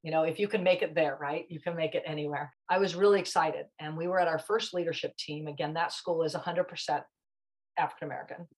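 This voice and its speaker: Passionate, low-voiced woman telling a story. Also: fairly even intonation, quick pace, rough recording. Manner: passionate, emphatic, chatty. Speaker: guest. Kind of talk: animated storytelling in a conversation.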